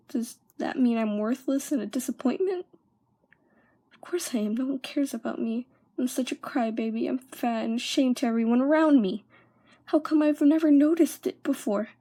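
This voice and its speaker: A young woman vlogger tells a personal story in a slightly high voice. She halts now and then and often falls into hushed whispers. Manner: halting, drops into hushed whispers.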